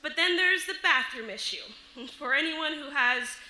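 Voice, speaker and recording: A woman telling a personal story on stage, lively and often laughing as she goes. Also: high-pitched, measured pace, reverberant, rough recording. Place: live stage show.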